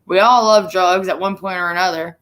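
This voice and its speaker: A woman's voice: lowish voice, fairly even intonation, fairly quick, fairly bright tone. A young woman hosting a casual chat, telling stories bluntly with plenty of swearing. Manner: profane, blunt storytelling. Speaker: podcast host.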